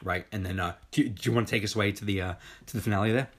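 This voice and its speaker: A man in his forties retelling a horror film in a casual chat, excited and profane, acting out the scenes. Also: lowish voice, rapid-fire. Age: 40s. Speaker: podcast co-host. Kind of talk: casual movie review chat.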